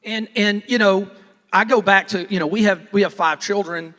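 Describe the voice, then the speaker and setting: A man's voice: sits high, steady tone, normal speed, bright, forceful tone. A man, giving a folksy, rambling motivational talk on stage and often restarting his sentences. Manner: folksy, rambling, self-interrupting. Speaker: real estate team leader speaking on stage. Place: large conference hall. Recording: long reverb of a large hall.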